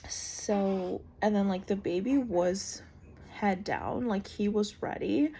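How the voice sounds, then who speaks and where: A woman's voice: medium pitch, slow, creaky, dark tone, slight background noise. A young adult woman casually telling a personal story, chatty and full of "like" fillers. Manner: chatty, lots of "like" fillers, acts out quoted voices. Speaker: vlogger telling her birth story.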